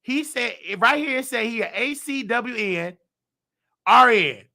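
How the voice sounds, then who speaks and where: This man, a show host who also works as a nursing aide, rants indignantly with sudden shouted bursts and lively, somewhat slow intonation. His very high, sharp, bright voice is hoarse and fading from all the yelling.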